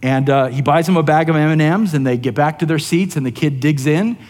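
A man's voice: on the high side, fairly quick, a little mellow, long reverb tail. A man preaching a sermon as pastor, in a conversational way that keeps asking the listeners "right?". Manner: conversational, often asks "right?".

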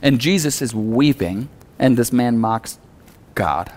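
A man's voice: medium pitch, animated, slow, a little mellow. Earnest, casual-talking male pastor. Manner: casual and earnest, acts out quoted lines. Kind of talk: conversational sermon.

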